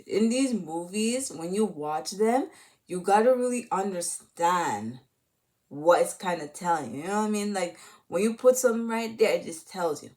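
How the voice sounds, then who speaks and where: A woman's voice: medium pitch, animated, moderate pace, darkish tone. A woman retelling a movie in a casual, rambling way, full of fillers and restarts. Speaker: channel host.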